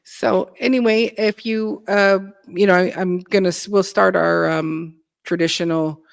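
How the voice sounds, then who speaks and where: A woman's voice: lowish voice, steady tone, measured pace, creaky, clear, resonant tone. A woman co-hosting a casual livestream chat, loose and playful, with many restarts.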